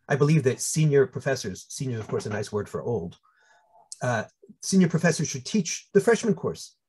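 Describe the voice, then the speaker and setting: An older man with a New York accent tells stories with plenty of humor, and his pitch swings widely as he goes. His voice is a bit husky. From United States. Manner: animated, humorous storytelling with voiced asides. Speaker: speaker. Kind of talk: storytelling talk.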